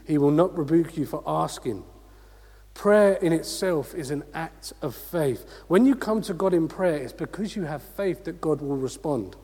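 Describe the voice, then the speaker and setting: Higher-voiced man preaching in a reverberant hall. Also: moderate pace, husky. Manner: energetic preaching with rhetorical questions and audience call-outs. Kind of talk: sermon.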